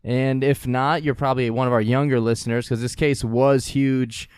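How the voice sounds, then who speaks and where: A man's voice: mid-range voice, fairly even intonation, normal speed, darkish tone, clear, resonant tone, dry recording. A man hosting a casual comedy podcast, walking through the case with jokes and laughing at his own lines. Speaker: podcast host presenting the case.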